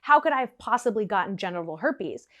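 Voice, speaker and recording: A woman's voice: mid-range voice, expressive, brisk, natural voice. A woman voicing a distraught young fiancée who talks in a frantic, dramatic way, in a storytime vlog. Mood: confused.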